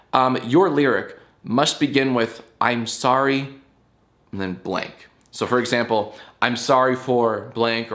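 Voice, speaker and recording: A man's voice: mid-range voice, fairly bright tone. A man hosting his own online show, chatting casually to camera in a loose, rambling way and explaining things with playful emphasis. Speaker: YouTube show host.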